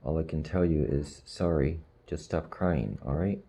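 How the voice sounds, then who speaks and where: A man's voice: rumbling low, measured pace, creaky, warm tone, a little hiss or hum, heavily acted. A man voicing Pity, a gray spirit who talks bluntly to a crying child in a storybook reading. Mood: sighing, blunt.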